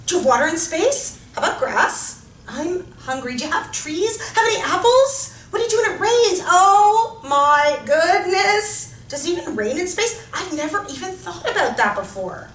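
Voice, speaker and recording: A woman's voice: very high-pitched, lively intonation, moderate pace, fairly bright tone. A woman voicing an eager, chatty teenage girl lamb with a Midwestern accent, upbeat and full of questions. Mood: excited. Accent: Midwestern American. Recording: echoey room, mic far off, faint hiss.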